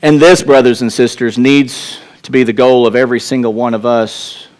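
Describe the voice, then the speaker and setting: In a church, a pastor with a Texas drawl gives a sincere, conversational sermon punctuated by restarts and asides to his listeners. His mid-range voice is steady and a little mellow, at a normal speed.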